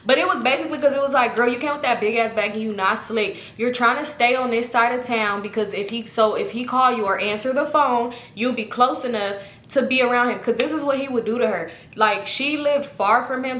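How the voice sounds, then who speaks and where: Animated young woman telling a story. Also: on the high side, fairly quick. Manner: animated, acts out quotes in other voices, swears freely. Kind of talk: casual storytime. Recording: echoey room.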